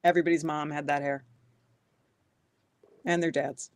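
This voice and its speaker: A woman in her forties on a panel chat, speaking in a dry, measured way. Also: sits low, little pitch movement, a crowd in the background. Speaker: panel guest.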